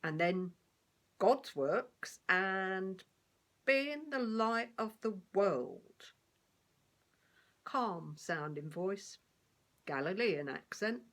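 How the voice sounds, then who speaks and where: A woman playing a streetwise blind male beggar, telling his story in rough, colloquial speech. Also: medium pitch, lively intonation, drawn-out words, long pauses, a bit bright, exaggerated voice. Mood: wry.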